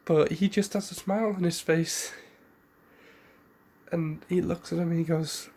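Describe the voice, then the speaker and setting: A man's voice: on the high side, fairly even intonation, takes it slowly, darkish tone. A man casually retelling a fan-made story, rambling with restarts and asides.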